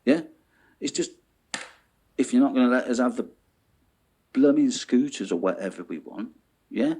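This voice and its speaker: A man ranting in an animated monologue, swearing and checking in with "yeah?". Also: mid-range voice, moderate pace, slightly rough. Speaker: vlogger.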